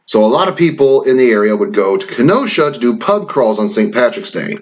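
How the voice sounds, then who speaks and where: A Wisconsin man who vlogs while taking online quizzes reads the questions aloud and riffs on them in casual, rambling commentary, swearing now and then. His medium-pitched voice is sing-song and a little fast, and the recording sounds muffled.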